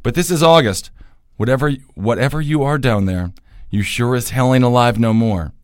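A man's voice: medium pitch, moderate pace, darkish tone, clear, resonant tone, no room sound, clean studio sound, natural voice. A man voicing a blunt, coldly polite old-time grave digger with a folksy drawl, in a comedic story reading. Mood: dismissive.

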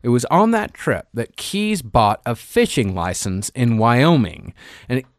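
A man's voice: medium pitch, sing-song, measured pace, dry recording, studio quality. A man hosting a podcast, narrating a true crime case from his notes with wry asides.

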